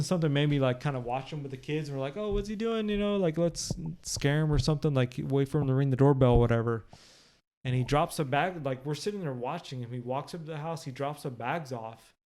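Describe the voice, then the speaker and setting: A man's voice: mid-range voice, darkish tone. Male podcast guest, candid storyteller, profane and blunt, recorded at home. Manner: blunt and profane, with many fillers. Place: living room of his home.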